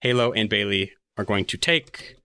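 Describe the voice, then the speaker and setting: A man's voice: on the low side, moderate pace, creaky, pushed and bright. A man running a tabletop game as game master, talking casually with frequent fillers.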